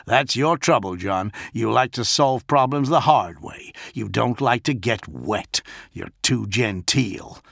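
A swaggering, cheerfully ruthless gunman played by a man talks in a breezy, mocking drawl, pitched a little above the narrator. The audiobook recording is dry and close. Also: slow, vocal fry, hardly any pauses, fairly bright tone, dry recording, full character voice. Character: cocky, slovenly male gunman, cheerfully ruthless.

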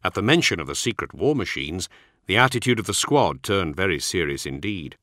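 A man reads an audiobook with a very low, steady voice that still comes out bright and forceful. The recording is close and dry, with no room sound at all. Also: brisk, no room sound. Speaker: narrator. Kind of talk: audiobook narration.

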